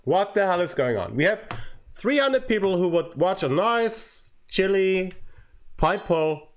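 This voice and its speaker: Excitable man streaming a game. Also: high voice, a little slow. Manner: excitable, swings from groaning to cheering. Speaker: livestreamer. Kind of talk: live gameplay commentary.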